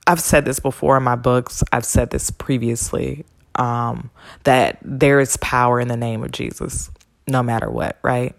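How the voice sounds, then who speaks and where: Woman host, very low raspy register, dry close sound, frank and profane. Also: no room sound. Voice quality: gravelly low voice. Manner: candid, chatty, swears freely. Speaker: podcast host and spiritual healer. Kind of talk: casual solo podcast monologue.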